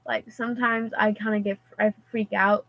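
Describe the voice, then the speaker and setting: A woman's voice: mid-range voice, little pitch movement, moderate pace, gravelly, muffled recording. A teenage girl telling a story in casual chat, rambling and filling her sentences with "like" and "and stuff like that.". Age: teens. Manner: rambling, heavy use of "like" and "and stuff like that".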